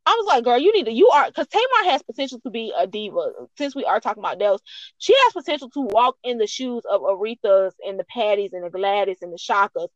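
A woman co-hosting a casual gossip chat, animated, acting out sassy asides. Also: medium pitch, fairly quick, dry recording, highs cut off. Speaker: co-host.

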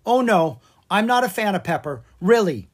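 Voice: medium pitch, big pitch swings, moderate pace, pitched above the performer's own voice. A reader doing a nervous, stammering boy dragon. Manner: jittery, stammering. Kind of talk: children's storybook reading.

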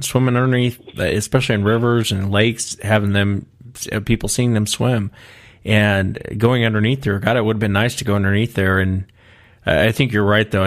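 A man hosting an interview, reflecting on a guest's story in a casual way. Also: lowish voice. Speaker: podcast host.

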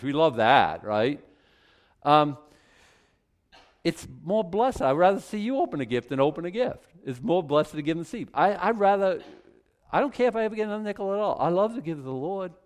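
A middle-aged man pastor preaching a sermon in a conversational, folksy way, with frequent asides and repeated words. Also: on the high side.

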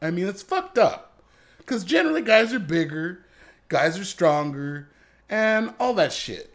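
A man chatting casually, often agreeing and mixing Spanish phrases into his talk. His voice sits a little high and moves around a lot. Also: big pitch swings, unhurried, fairly bright tone. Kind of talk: casual chat.

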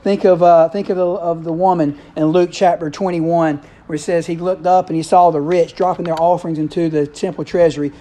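A man's voice: on the high side, level tone, fairly quick, few pauses, mellow. A middle-aged man preaching a sermon in a conversational way, often checking in with the congregation.

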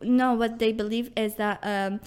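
A young woman from Algeria, a guest in a casual interview, telling stories in a lively way with many fillers and restarts. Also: a little high, clean tone. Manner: animated storyteller, quick, many fillers and restarts.

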